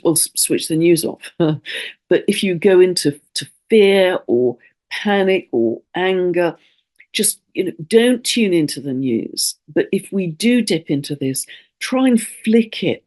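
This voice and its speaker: A woman's voice: lowish voice, lively intonation, takes it slowly, a little mellow. A woman astrologer talking in a casual spoken monologue, earnest and rambling, often restarting her sentences and at times stirred up with emotion.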